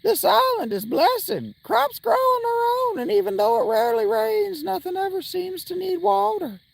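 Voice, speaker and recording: A squeaky, slow-talking Appalachian villager for a game character, folksy and drawn out. The voice sits far above a normal speaking voice and swoops with a lively lilt. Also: male voice, vocal fry, dry recording, heavily acted. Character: high-voiced drawling island villager.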